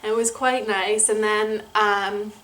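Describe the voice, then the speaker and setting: A woman's voice: mid-range voice, level tone, unhurried, a bit bright. A young woman vlogger gushing through a personal story in casual chat, laughing often. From Canada.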